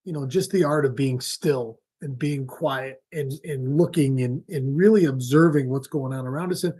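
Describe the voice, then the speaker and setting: A man's voice: mid-range voice, normal speed, breathy edge. A middle-aged man hosting a fishing live stream, chatting casually and telling rambling stories with fillers. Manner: relaxed rambling storyteller with frequent fillers and laughs. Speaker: fishing show host.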